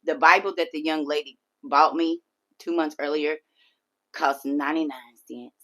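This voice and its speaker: Woman livestream host, low bright voice, animated casual storytelling aimed at viewers. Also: normal speed. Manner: animated, talks straight to her audience.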